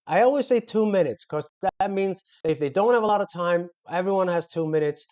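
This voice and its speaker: Man, sales coach, slightly high voice, warm mellow tone, chatty, lots of fillers. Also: brisk, clear, resonant tone, lo-fi sound. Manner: loose and conversational, many fillers and self-corrections. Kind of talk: casual instructional talk to camera.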